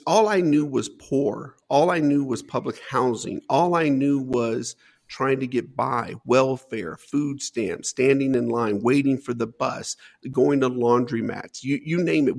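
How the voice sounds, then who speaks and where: A man's voice: medium pitch, a little slow, vocal fry, a little mellow. A man as an interview guest, telling a personal life story in an earnest, emphatic way with frequent "man" asides.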